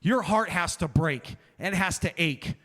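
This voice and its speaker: A man's voice: sits high, animated, unhurried, a bit bright. A man preaching a chapel sermon, telling self-deprecating stories and acting out the dialogue. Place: chapel hall. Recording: long hall reverb.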